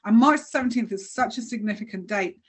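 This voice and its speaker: Animated woman telling a story. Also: mid-range voice, fast talker, husky. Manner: animated storyteller, laughs often, acts out quotes. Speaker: guest. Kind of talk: casual storytelling interview.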